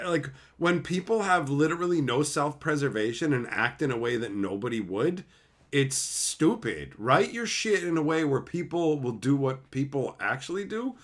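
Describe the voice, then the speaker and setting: A man streaming casually, reading chat and ranting, with frequent swearing and voiced impressions. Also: mid-range voice. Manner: animated, swearing, mimics others.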